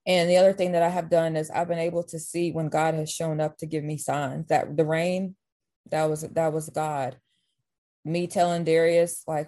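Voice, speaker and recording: A woman basketball coach, interviewed as a guest, telling faith-filled stories in an animated way with quick restarts. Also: deep voice. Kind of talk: storytelling in an interview.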